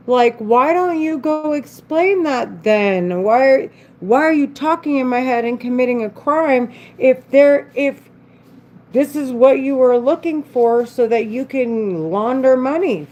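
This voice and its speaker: A woman's voice: sits high, animated, a little slow, a little mellow, rough recording. A woman talking alone in an unscripted monologue, agitated and rambling, with frequent swearing and broken-off sentences. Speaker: vlogger.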